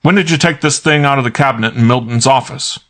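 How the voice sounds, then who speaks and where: A man voicing a gruff, hot-tempered middle-aged police inspector in an audiobook, clipped and barking. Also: medium pitch, fast talker, fairly bright tone, voice pushed up, close to an everyday voice. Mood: interrogating. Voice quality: barking, clipped, jaw-clenched delivery. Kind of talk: audiobook character voice.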